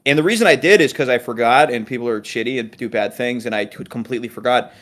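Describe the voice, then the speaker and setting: A man's voice: medium pitch, quick pace, fairly bright tone. A man from New England co-hosting a casual podcast, rambling, stopping himself mid-thought and joking around. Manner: rambling, self-interrupting, playful. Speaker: podcast co-host.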